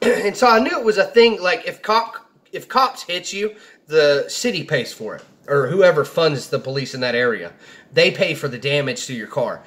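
A man's voice: high voice, animated, normal speed, a bit bright. A young man casually telling a personal story, rambling and quoting people as he goes. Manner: rambling, restarts, quotes people in his own voice.

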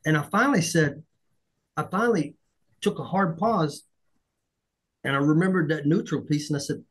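A middle-aged man hosting a podcast, telling a story in a lively way, acting out the dialogue and poking fun at himself. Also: on the high side, normal speed, pauses often, breathy edge, rough recording. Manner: animated, acts out dialogue, self-deprecating. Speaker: podcast host. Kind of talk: conversational storytelling.

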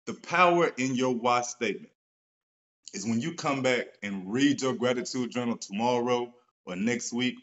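A man hosting a live stream, talking casually about gratitude, animated and swearing freely as he gets excited. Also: medium pitch, highs cut off. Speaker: author and host of a live stream. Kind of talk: casual motivational talk. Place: at home, seated in a wheelchair.

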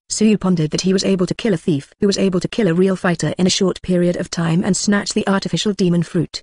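A synthetic-sounding narrator reading a translated novel in an even, uninflected way. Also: medium pitch, quick pace, hardly any pauses, breathy edge, no echo, clean studio sound. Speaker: audiobook narrator. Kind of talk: scripted narration.

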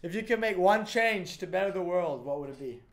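A man's voice: high-pitched, expressive, fairly quick. A man hosting a casual podcast interview, eager and affirming, swearing casually. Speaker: podcast host.

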